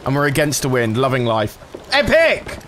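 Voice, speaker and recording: A man's voice: mid-range voice, unhurried, slight background noise. A man commentating live as he plays, swearing and talking to his chat. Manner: swearing, frustrated, talks to chat. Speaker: gaming streamer.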